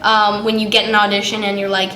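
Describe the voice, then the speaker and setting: A woman's voice: medium pitch, monotone, fast talker, pushed and bright. A female voice actress answering at a convention press conference, rambling and hesitant with lots of "like". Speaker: voice actress guest. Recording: echoey room with background noise.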